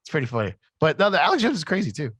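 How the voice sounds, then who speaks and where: Podcast co-host, man, higher voice with a lot of swing, dry close sound, rambly casual chat. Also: sing-song, rapid-fire, fairly bright tone, breathy edge, dry recording. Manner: rambling, full of "like" and restarts.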